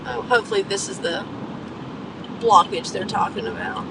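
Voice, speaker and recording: Woman, live-stream host, casual chat while driving, gravelly voice, clear road noise inside a car. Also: medium pitch, huge pitch swings, moderate pace. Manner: chatty, greets viewers by name between traffic remarks. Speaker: livestream host.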